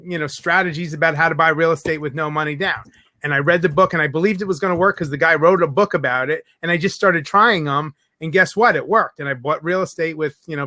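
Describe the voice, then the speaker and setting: A man with a high, bright voice hosts an interview. He talks with eager energy, telling stories quickly and restarting his sentences as he goes. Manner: enthusiastic, quick storytelling with restarts. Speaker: interview host. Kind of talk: casual interview chat.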